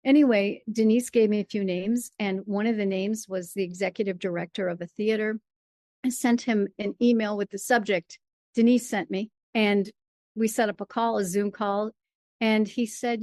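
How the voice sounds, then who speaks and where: A middle-aged American woman, a playwright and performer, telling stories in a casual interview with an animated, laughing manner. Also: mid-range voice, normal speed, no room sound, clean studio sound. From United States. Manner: animated storyteller, laughs often.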